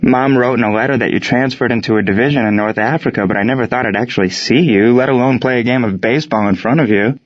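A man's voice: mid-range voice, fast talker, few pauses, dull audio, lightly acted. A man voicing Gene, an earnest young soldier and baseball catcher who raises his voice when riled. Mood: warm. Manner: shouts when riled, animated.

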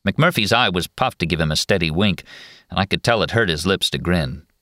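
A man narrating a novel in a steady, measured first-person telling. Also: sits low, no room sound, studio quality. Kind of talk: audiobook narration.

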